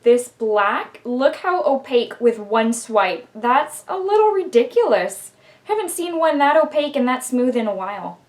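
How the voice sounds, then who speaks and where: A middle-aged woman chatting casually through a makeup tutorial, laughing often and filling pauses with "um" and "like.". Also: high-pitched, very animated. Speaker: beauty vlogger.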